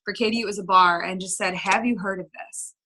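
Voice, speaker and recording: Bright-voiced woman giving a pep talk. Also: mid-range voice, steady tone, fairly quick, slight background noise. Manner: emphatic, repetitive, coaching the audience directly. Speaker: team leader on a motivational video call. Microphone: video call.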